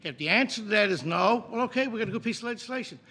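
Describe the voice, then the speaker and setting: A man's voice: sits high, lively intonation, sharp tone, breathy edge. Indignant man debating in committee. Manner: indignant, emphatic, slows down to stress words. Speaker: opposition member in committee. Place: legislative chamber.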